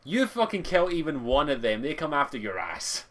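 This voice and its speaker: A man's voice: on the high side, big pitch swings, moderate pace, a bit bright. Blunt, swearing Scottish man. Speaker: podcast guest. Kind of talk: casual chat.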